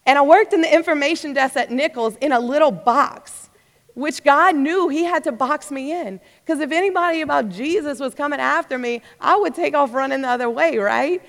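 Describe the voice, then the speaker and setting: High-voiced woman telling her testimony in a reverberant hall. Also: moderate pace. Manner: animated storytelling, acting out her own past thoughts. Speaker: speaker sharing her testimony. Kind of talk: personal testimony.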